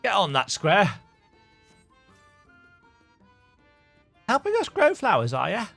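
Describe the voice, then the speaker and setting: A man's voice: high-pitched, huge pitch swings, a little fast, gravelly, a bit bright, husky, no room sound, soft background music, pitched above the performer's own voice, heavily acted. A man voicing a mischievous, fun-loving pixie fairy in a video game, reading its lines aloud in a sing-song, teasing way with an attempted Scottish lilt.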